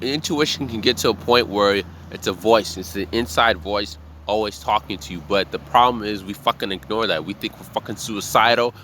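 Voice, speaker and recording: A man who works as a bartender, giving a blunt, profane, animated monologue about trusting your gut. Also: on the low side, slight background noise. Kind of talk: casual motivational monologue.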